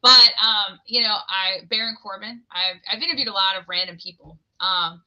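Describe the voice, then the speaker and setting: Bubbly, rambling woman with a bright voice. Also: mid-range voice, normal speed. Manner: bubbly, rambling storyteller who laughs often. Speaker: guest, former radio host. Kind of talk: casual interview chat. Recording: muffled lo-fi audio.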